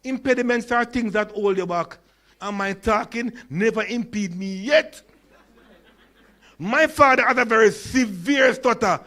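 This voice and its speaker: A man's voice: sits high, measured pace, bright, forceful tone. A Jamaican man in his sixties with a stutter and lisp, giving a humorous conference talk with stories and questions to the audience. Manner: storytelling, engages audience with questions. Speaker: conference speaker.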